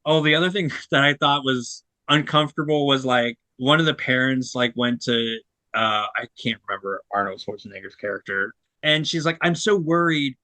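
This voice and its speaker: Young guy rambling about movies on a podcast, bright voice, dry close sound, lots of ums and likes. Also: medium pitch, moderate pace, no room sound. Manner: rambling, many fillers and restarts. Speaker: co-host reviewing film releases. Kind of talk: casual podcast chat.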